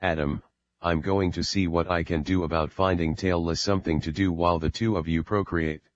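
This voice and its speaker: A man voicing a calm, knowing male alien guardian in an audiobook, speaking in a measured way. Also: low voice, lo-fi sound, lightly acted.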